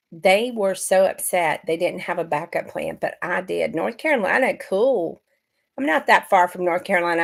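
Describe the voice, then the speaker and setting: A woman's voice: on the low side, creaky. A middle-aged woman from Georgia, chatting casually on a livestream and greeting viewers by name. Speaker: livestream host.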